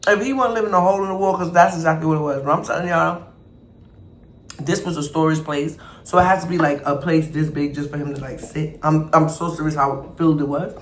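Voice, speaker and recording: A man vlogger telling a storytime over an eating show, animated and acting out the people in his story. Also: fairly high pitch, a little fast. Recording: echoey room, faint background noise.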